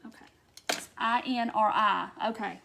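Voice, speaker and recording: A woman from Wisconsin hosting a casual live-stream craft tutorial, chatting to viewers, answering their comments and muttering soft asides to herself as she works. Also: fairly high pitch, moderate pace, gravelly, a little hiss or hum.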